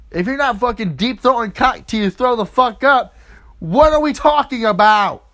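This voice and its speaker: A man's voice: extremely high pitch, animated, normal speed, fairly bright tone. A man hosting a podcast episode, delivering a profane, mocking comic rant and jumping in and out of quoted voices. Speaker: podcast host.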